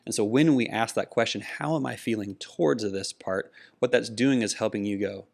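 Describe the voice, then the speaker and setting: A man's voice: fairly low pitch, moderate pace, gravelly. A middle-aged man co-hosting a podcast, telling a personal story earnestly in casual conversation. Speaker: podcast co-host.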